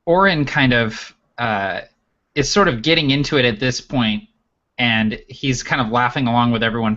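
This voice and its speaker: A man narrates his character's antics in a tabletop game, hedging with "sort of" at every turn. His voice is mid-pitched. The recording is dull and muffled. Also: a bit bright. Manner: hesitant, hedging with kind of and sort of. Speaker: player.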